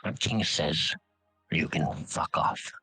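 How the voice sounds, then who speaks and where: A man's voice: extremely low pitch, slow pace, pushed and bright, husky, no room sound, faint music behind, pitched below the performer's own voice, exaggerated voice. A man voicing a curt, defiant male envoy refusing an offer in a tabletop game. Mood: dismissive.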